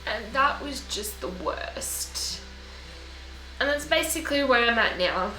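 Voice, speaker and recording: Young woman, tearful and halting, bright voice, echoey room, faint music behind. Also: fairly high pitch, expressive. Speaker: vlogger. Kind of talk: personal video diary.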